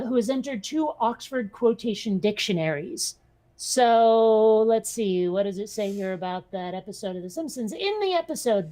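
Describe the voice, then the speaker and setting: A wry woman co-host chatting casually and reading aloud from a web page. She laughs easily and swears offhandedly, her voice sitting a little high for a woman. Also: warm tone. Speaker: podcast co-host.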